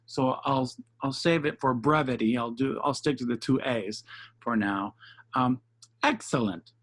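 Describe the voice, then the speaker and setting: A man's voice: mid-range voice, measured pace, a bit bright. A man teaching jazz piano in an online lesson, patiently explaining rhythm step by step and counting beats aloud over a video call. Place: home setup for a virtual session.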